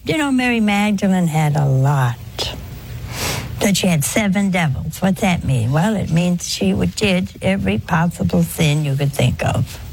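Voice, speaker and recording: An older woman speaking slowly in a slightly low voice, giving a folksy religious talk to a gathering. She coaxes with rhetorical questions and gentle humor. Faint noise hums behind her. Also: expressive, creaky. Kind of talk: talk to an audience on confession.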